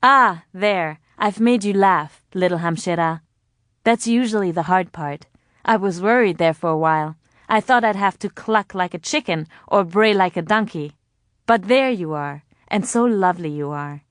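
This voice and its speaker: A woman reading the lines of a kindly, balding middle-aged male orphanage director, gently joking and cordial. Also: lowish voice, normal speed, no echo, studio quality, close to an everyday voice. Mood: genial.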